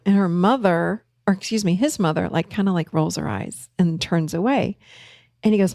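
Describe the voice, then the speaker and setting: A woman's voice: lowish voice, moderate pace, creaky, dry recording, studio quality. A woman therapist talking casually to her audience, telling a client story and acting out the people in it. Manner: storytelling, animated when quoting others. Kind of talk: casual talk.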